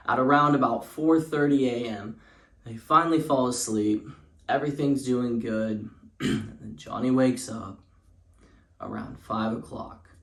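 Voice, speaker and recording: A man's voice: mid-range voice, reverberant. A young man telling a parody spooky story in a rambling way, with lots of fillers and restarts.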